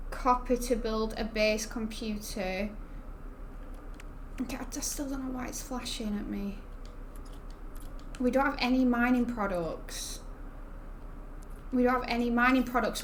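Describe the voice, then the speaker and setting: A young woman chats away on her gaming stream, rambling and laughing as she goes. Her voice sits a little high. Faint background noise runs under her desk mic. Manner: chatty, rambling, laughs often. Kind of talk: casual gaming stream chat.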